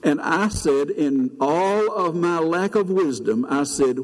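A man's voice: lively intonation, takes it slowly. An older man, preaching a sermon as pastor, telling a story in an earnest way. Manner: storytelling, earnest, rises high when preaching. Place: church sanctuary. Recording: long reverb of a church hall.

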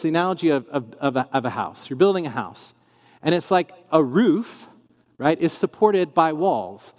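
A man teaches in a casual, conversational way, acting out the questions and replies he quotes. His voice sits a little high and swoops up and down a lot. It rings out with a long reverb, as if he is in a big hall. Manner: animated, acts out quoted questions in shifting tones. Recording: long reverb in a large room.

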